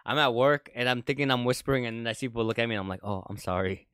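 A man's voice: mid-range voice, racing, fairly bright tone, smooth. A young man, a podcast host, joking loosely in casual chat and laughing often as he talks.

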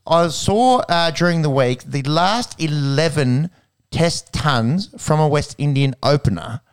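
Brief: Australian male podcast host, smooth resonant tone, joking, easygoing banter. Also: a little high, lively intonation, unhurried. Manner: joking, laid-back banter. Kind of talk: casual chat.

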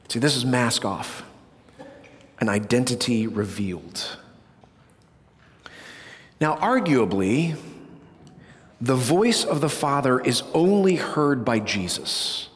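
A man preaching a sermon to a congregation, animated, with loud bursts and hushed low passages. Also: in a large hall. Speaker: pastor. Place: church sanctuary.

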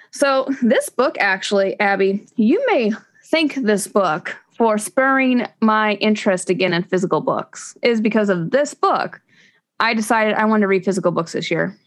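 A woman co-hosts a laid-back book review podcast, her voice sitting at an ordinary middle pitch. She talks in a chatty, rambling way. Laughter slips into her talk often. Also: lively intonation, moderate pace. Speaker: podcast co-host. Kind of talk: casual chat book review.

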